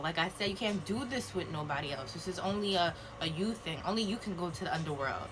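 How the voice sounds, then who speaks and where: A woman's voice: lowish voice, expressive, fast, few pauses, a bit bright, a little hiss or hum. A woman giving a casual live-stream card reading, chatty and playful, laughing often and tossing slangy asides to her viewers. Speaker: spiritual card reader. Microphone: phone live video.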